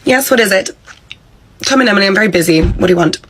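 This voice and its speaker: A woman's voice: mid-range voice, animated, fast talker, background noise, natural voice. A woman voicing a bossy, petty pub manager, in a comedy sketch. She talks down to her staff in a condescending, entitled way. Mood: curt. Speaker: manager character.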